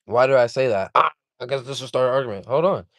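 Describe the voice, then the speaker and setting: A man's voice: mid-range voice, fast, a bit bright, dry recording, studio quality. A man hosting a livestream, venting in a heated, profane, rambling complaint. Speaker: livestream host.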